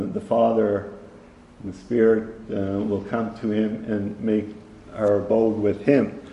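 Male Bible teacher, mellow low voice, slow and halting delivery, roomy hall sound. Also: dull audio. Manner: halting, frequent fillers, reads verses aloud. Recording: echoey hall with long reverb.

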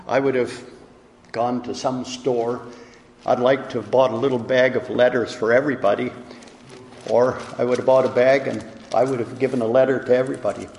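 Brief: male preacher, mid-pitched, earnest storyteller, big hall reverb. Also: darkish tone, slight background noise. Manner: earnest, storytelling, rising and falling emphasis. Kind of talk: sermon. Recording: long echo of a large hall.

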